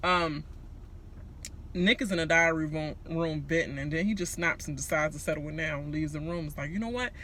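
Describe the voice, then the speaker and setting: Profane, animated man ranting a recap. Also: on the high side, brisk, a little hiss or hum. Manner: animated, profane, laughing, slipping into impressions. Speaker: recap vlogger.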